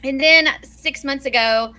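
Guest, 30s woman, Southern accent, high bright voice, easy laughing chat. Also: unhurried. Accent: Southern American. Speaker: guest blogger. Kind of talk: casual chat.

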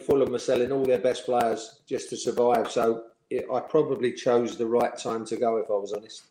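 A man's voice: mid-range voice, warm tone. Male ex-player interviewee, anecdotal and amused, middle voice, echoey room. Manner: chatty storyteller, laughs while telling. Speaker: former professional footballer, interviewee. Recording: roomy echo.

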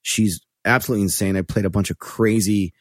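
Low-voiced man telling loose, profane stories. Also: fast talker, no room sound, clean studio sound. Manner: loose, profane, animated storyteller who slips into voices for quotes. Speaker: touring musician guest. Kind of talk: casual podcast chat.

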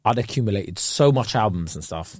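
Animated young man with slang. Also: on the low side, brisk, dry recording. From England. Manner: animated, mimics voices, slangy banter. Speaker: podcast co-host. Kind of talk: casual chat.

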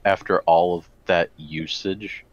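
Very low, slow-talking man on a dull mic. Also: steady tone, dry recording. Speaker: podcast co-host. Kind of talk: casual chat.

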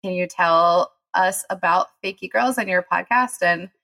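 A woman hosts a podcast with a bright, forward voice. She talks in a bubbly, excited way and giggles often while introducing her guests. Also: fairly low pitch, a little slow, gravelly. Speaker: podcast host. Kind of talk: casual interview chat.

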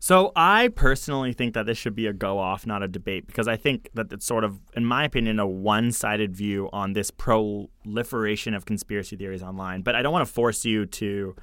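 A man co-hosting a podcast, talking in an animated, opinionated way with quick asides. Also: fairly low pitch, clean tone, no room sound. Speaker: podcast co-host. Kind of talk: casual podcast chat.

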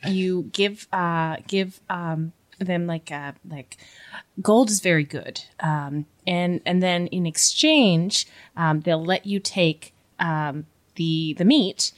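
A woman playing a tabletop role-playing game, explaining in a halting way full of fillers. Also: lowish voice. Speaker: player.

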